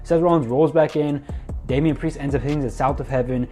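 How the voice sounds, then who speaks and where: A man's voice: on the high side, fairly even intonation, a little fast, dark tone, soft background music. A young man casually recapping a wrestling show, rambling with lots of fillers and loosely acting out what the wrestlers said. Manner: rambling, many fillers, acts out quotes loosely.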